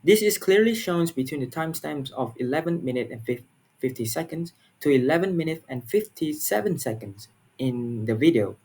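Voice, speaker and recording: A young man from Malaysia, giving a class presentation in an earnest, halting way, often repeating words and filling pauses. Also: fairly high pitch, expressive, darkish tone, slightly rough. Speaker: student presenter.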